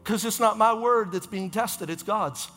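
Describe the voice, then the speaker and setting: A man preaching as a pastor, in an impassioned, repetitive style with quick self-corrections. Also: sits high, bright, forceful tone, big-room sound, soft background music. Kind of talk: sermon.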